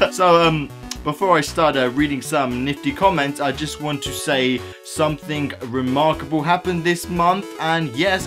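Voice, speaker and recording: A man vlogging as he reads viewer comments aloud, playful and jokey with sudden silly outbursts. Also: a little high. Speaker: YouTuber reading viewer comments. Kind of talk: goofy comment-reading vlog.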